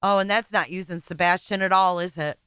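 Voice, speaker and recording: A woman's voice: fairly low pitch, fairly even intonation, fairly quick, fairly bright tone, clear, resonant tone, dry recording. A woman hosting a reaction commentary, blunt, sarcastic and profane. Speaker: commentary channel host.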